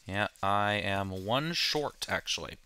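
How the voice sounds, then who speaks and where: A man's voice: on the low side, lively intonation, takes it slowly, pushed and bright, smooth. A man hosting a let's play, talking through his game with casual, joking, self-deprecating asides. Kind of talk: casual gameplay commentary.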